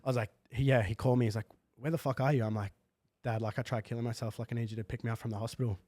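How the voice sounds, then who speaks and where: A man's voice: mid-range voice, fairly even intonation, racing, warm tone, no echo. A young man telling a personal story in a casual, slangy podcast chat full of fillers. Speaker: guest. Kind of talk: candid podcast conversation.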